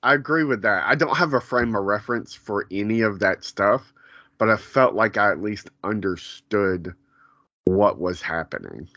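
A man's voice: on the low side, normal speed, pushed and bright, dry recording, dull audio. A man hosting a podcast, chatting casually, rambling with lots of fillers and frequent laughs. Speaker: podcast host. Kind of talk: casual chat.

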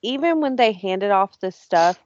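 A woman's voice: medium pitch, expressive, measured pace, a little mellow, no echo, lo-fi sound. A woman telling a story animatedly in casual chat and swearing often.

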